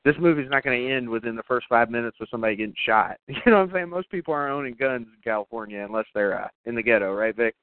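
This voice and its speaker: A man co-hosting a podcast, chatting casually and profanely about a movie, acting out characters in high voices. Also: very fast, few pauses, smooth, dry recording. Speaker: podcast co-host. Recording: tinny phone-like sound, dry.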